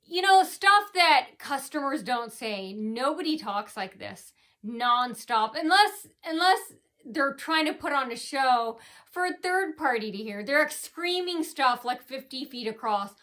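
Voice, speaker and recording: A woman vlogger telling a long rambling personal account, halting, with many fillers and restarts, her sentences often trailing off quietly. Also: high voice, animated.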